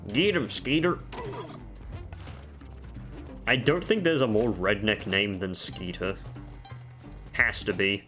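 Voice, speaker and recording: Chatty low-voiced man explaining gameplay. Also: animated, measured pace, bright, forceful tone, faint music behind. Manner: chatty, explains game tips with offhand self-mocking jokes. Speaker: gaming video creator. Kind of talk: casual gameplay commentary. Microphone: desk microphone.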